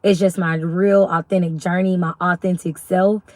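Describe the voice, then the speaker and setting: A woman's voice: normal speed, no room sound. A young woman from Arkansas with a Southern accent, chatting casually and rambling on a live stream as a YouTube host. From Little Rock, Arkansas. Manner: chatty, rambling, faith-filled talk with lively pitch jumps.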